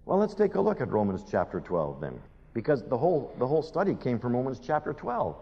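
Man, preacher, sermon, pleading emphasis, dramatic pauses, dull recording. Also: mid-range voice, big pitch swings, warm tone, husky. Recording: muffled hall recording with long reverb.

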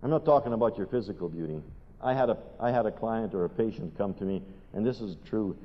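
An older man preaching a sermon, telling funny stories in an animated way and putting questions to his listeners. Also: lowish voice, quick pace. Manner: animated storytelling, asks the audience questions. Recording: dull recording in a long-reverb hall.

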